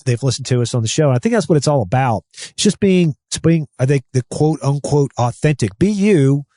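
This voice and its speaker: A man co-hosts a real estate podcast, chatting at length in a rambling, friendly way with many restarts. His mid-range voice has a dark tone, recorded at studio quality with no room sound.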